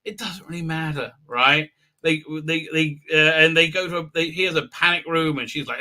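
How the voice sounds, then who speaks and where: A man rambles through a live-stream commentary, full of fillers and sarcastic asides. His voice sits a bit high and sounds very bright and sharp. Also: normal speed. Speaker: host.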